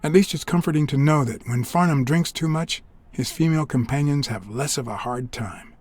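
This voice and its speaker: A man's voice: fairly high pitch, moderate pace, a little mellow, natural voice. A man voicing a cool-headed 1950s detective, speaking in a dry, wry game monologue. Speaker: private detective. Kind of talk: video game voice acting.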